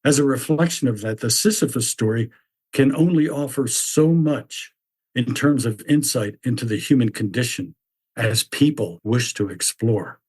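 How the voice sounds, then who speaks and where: A man voicing a stern mythic figure who lectures bluntly in a measured, repetitive way. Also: mid-range voice, a little mellow, husky, natural voice. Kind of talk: reflective spoken essay.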